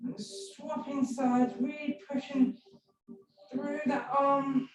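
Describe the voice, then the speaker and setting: A woman's voice: sits high, little pitch movement, slow. A woman leading a stretch class, giving playful, encouraging cues. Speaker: fitness instructor. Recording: echoey room, far from mic, music behind. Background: background music.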